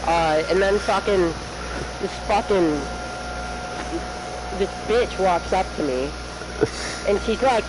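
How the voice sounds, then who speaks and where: Dude rambling thru a story, swears nonstop, noisy mic. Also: male voice, high voice, slow pace, long pauses. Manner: rambling, swears constantly, acts out quotes. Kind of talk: casual chat. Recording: noisy home recording.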